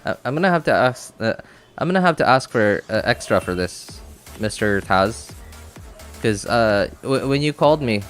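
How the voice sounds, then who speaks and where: A man's voice: mid-range voice, expressive, normal speed, a bit bright, faint music behind. Rambling male game streamer. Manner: rambling, lots of fillers and restarts, laughs easily. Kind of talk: casual livestream chat.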